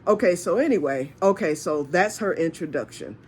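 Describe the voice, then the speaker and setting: A woman from Michigan, a storytelling vlogger, rambles through a personal story in a casual, chatty way, laughing often and acting out what people said. Her voice sits low and sounds expressive and darkish, at a moderate pace, with slight background noise.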